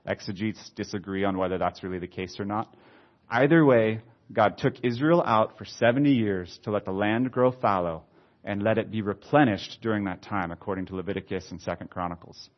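A man preaching, reading scripture aloud slowly and then adding conversational comments. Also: fairly low pitch. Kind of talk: expository Bible teaching. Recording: slightly dull lo-fi sound.

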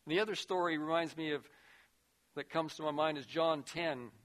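A man preaching a sermon, earnest, rising to loud emphasis and dropping to a hushed voice. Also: a little high, moderate pace. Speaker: pastor.

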